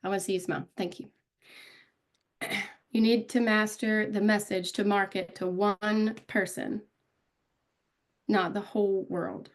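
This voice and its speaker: A woman's voice: mid-range voice, steady tone, unhurried, pauses often. A woman giving a casual live online training on social media, talking directly to viewers and calling them out by name. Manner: chatty, calls out viewers by name.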